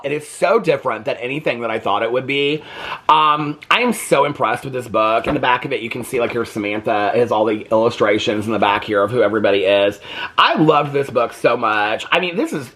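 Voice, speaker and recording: A man casually reviewing graphic novels on his book vlog, animated, laughing often and using lots of filler words. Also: medium pitch, breathy edge. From United States.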